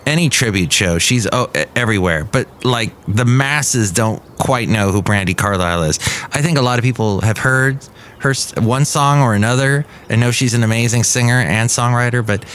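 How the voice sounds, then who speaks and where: A man's voice: fairly low pitch, a bit bright, a little hiss or hum. A man hosting a podcast, riffing in a rambling, sardonic comedic monologue, recorded outdoors. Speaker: podcast host. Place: outdoors outside a café.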